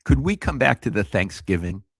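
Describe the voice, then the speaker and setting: A man in his eighties co-hosting a casual sports talk show, blunt and animated, swearing freely. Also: fairly low pitch, normal speed, vocal fry, dry recording. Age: 80s. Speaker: co-host, veteran sportswriter.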